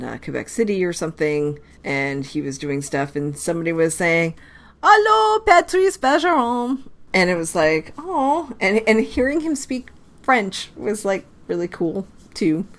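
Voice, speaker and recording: A woman co-hosting a casual sports podcast, chatty with quick asides and frequent laughter. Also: deep voice. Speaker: podcast co-host. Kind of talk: casual hockey chat.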